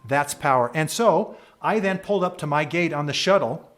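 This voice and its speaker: A man tells a story as a leadership speaker, earnest and dramatic. His voice sits a little higher than most men's. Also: normal speed, a bit bright, soft background music. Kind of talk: motivational storytelling.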